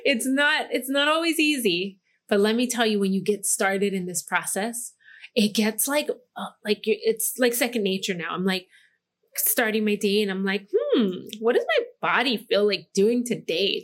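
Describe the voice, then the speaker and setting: A woman's voice: mid-range voice, expressive, a little slow. A woman podcast host in Hawaii giving a casual motivational talk, bubbly, laughing often and saying "like" a lot. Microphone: microphone.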